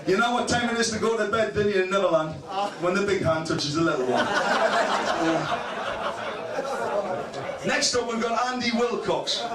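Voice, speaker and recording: A high-voiced man compering a football club's presentation night, ribbing each player with foul-mouthed banter. He is heard from a distance in an echoey function room, over a roaring crowd. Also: animated, normal speed, pauses often. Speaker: compere at a club awards night. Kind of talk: crude roasting banter. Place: club function room with an audience. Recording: echoey room, voice far from the mic. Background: loud crowd laughter.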